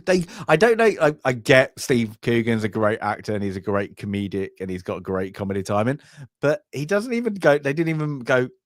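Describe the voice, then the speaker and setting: A man's voice: mid-range voice, big pitch swings, a little fast, no echo, clean studio sound. A man co-hosting a casual film discussion, rambling and trailing off as he recalls scenes. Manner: rambling, trails off, quiet laughs. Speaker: film review co-host.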